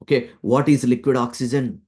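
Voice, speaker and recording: A man giving a spiritual talk as a teacher, telling a story with many fillers and repeating key lines slowly for emphasis. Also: medium pitch, flat delivery, a little mellow. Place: Florida, near the listener's town.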